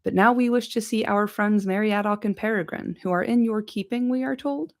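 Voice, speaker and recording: A woman's voice: medium pitch, fairly quick, no room sound, clean studio sound, pitched above the performer's own voice, lightly acted. A woman voicing a graceful, courteous male elf lord in an amateur audiobook reading.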